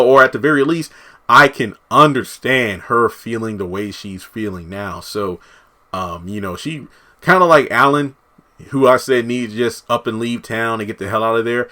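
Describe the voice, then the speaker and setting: A man giving a casual, animated recap of a TV episode, full of asides and quoted lines. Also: medium pitch. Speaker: TV show reviewer.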